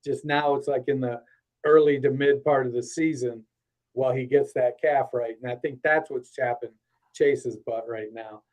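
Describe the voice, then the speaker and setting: A man's voice: medium pitch, fairly even intonation, normal speed, a little mellow, poor audio. A man appearing as a guest analyst on a podcast, talking bluntly and casually with salty jokes and a lot of fillers. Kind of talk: casual sports chat.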